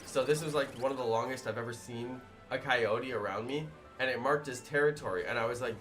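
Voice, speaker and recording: A man who makes gaming videos, telling a story to his viewers in a rambling, animated way. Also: medium pitch, fairly quick, few pauses, faint music behind. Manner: animated, rambling, many fillers.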